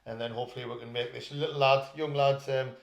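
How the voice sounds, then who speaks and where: A man's voice: mid-range voice, flat delivery, quick pace, vocal fry, echoey room. A man, co-hosting a casual football chat and telling chatty anecdotes. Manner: chatty storyteller, laughs while telling anecdotes. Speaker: football podcast co-host.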